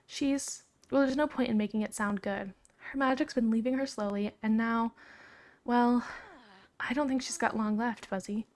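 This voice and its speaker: A woman's voice: fairly high pitch, fairly even intonation, normal speed, a little mellow, natural voice. Bold young princess, read out by a woman. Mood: earnest. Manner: reading game dialogue aloud in her own voice, no accent. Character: brave young Scottish princess, spirited, adult woman. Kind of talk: reading game dialogue aloud.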